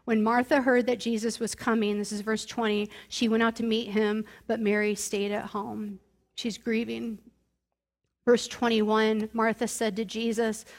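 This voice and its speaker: A woman's voice: fairly high pitch, little pitch movement, measured pace. Casual woman preaching on scripture. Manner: conversational, many fillers, reads verses aloud. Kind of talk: casual sermon on a Bible passage.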